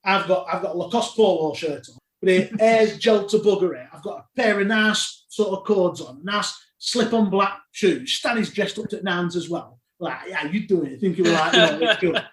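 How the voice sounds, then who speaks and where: Lively man spinning yarns. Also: high-pitched, moderate pace. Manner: animated anecdotes, laughs while telling. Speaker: podcast guest. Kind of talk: casual storytelling. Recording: roomy echo.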